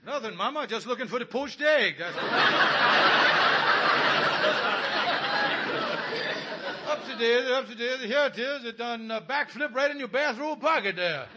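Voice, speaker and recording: A man's voice: extremely high pitch, expressive, brisk, a loud crowd, heavy background noise. A man playing a scheming, blustering middle-aged husband in a radio comedy, talking in broken grammar and fawning to get his way. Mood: flustered. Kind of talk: 1940s radio comedy acting.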